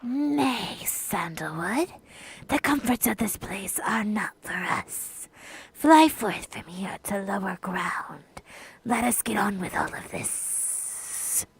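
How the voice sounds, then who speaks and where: A woman voicing a creepy, haughty old crone who speaks in archaic formal words with a raspy, whispery croak, reading game dialogue aloud. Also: medium pitch, lively intonation, voice pushed down, full character voice, low-quality recording. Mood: curt. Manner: archaic formal speech, slow and drawn out.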